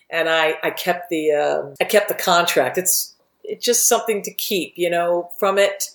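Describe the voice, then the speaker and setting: A woman's voice: lowish voice, steady tone, normal speed, roomy sound. A middle-aged woman telling candid, rambling stories about her TV career as an interview guest, swearing casually. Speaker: guest, TV writer and producer.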